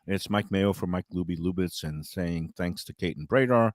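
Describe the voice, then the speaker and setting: This is a man hosting a talk radio show, speaking in a low register. His delivery is easygoing and chatty, with a joking lilt. The studio sound is close and dry. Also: moderate pace, no room sound. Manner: chatty, wraps up in a relaxed, joking way. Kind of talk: casual radio chat.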